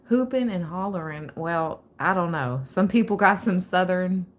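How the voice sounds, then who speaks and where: A young woman hosting a live tarot reading, chatting casually and excitedly with frequent laughter. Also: lowish voice, moderate pace.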